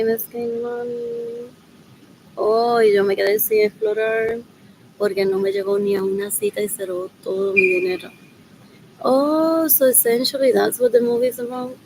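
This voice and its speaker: Woman, mid-pitch and gravelly, rambling solo talk that drops into whispers and Spanish asides. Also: a little mellow, slight background noise, low-quality recording. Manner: rambling, drifting between mumbling and whispering; mixes in Spanish phrases.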